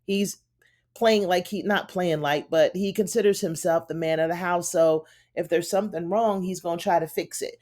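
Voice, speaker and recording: A woman's voice: lowish voice, fairly even intonation, moderate pace, a little mellow. Woman, TV show reviewer, casual episode recap, chatty, lots of fillers. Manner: chatty, retells scenes with quoted dialogue and frequent fillers.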